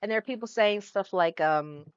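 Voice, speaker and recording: A woman's voice: medium pitch, normal speed, smooth, no room sound, muffled recording. Rambling young woman gaming streamer, dry sound. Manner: rambling, distracted, trailing off and restarting. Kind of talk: casual commentary while playing.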